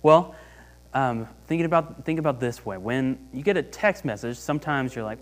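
A man's voice: medium pitch, lively intonation, normal speed. Conversational young male preacher. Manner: conversational, many restarts, rises in emphasis. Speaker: pastor. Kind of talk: sermon.

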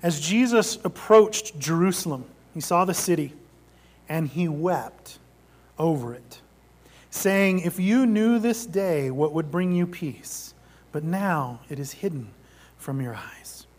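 A male pastor preaching a sermon, shifting between animated emphasis and quiet, almost whispered passages. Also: fairly high pitch, slow. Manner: dynamic preaching, drops to near-whisper for emphasis.

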